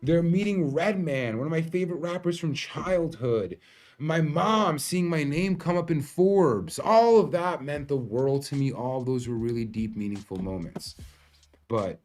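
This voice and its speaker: A man's voice: mid-range voice, darkish tone, a little hiss or hum. A man, a company founder telling a candid, emotional story about his company's early days. He swears freely. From New York. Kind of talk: storytelling monologue.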